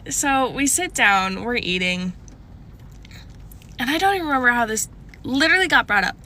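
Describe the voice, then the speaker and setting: A woman in her twenties telling a casual storytime, chatty and animated, full of likes and restarts. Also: normal speed. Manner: animated, shifting pitch often.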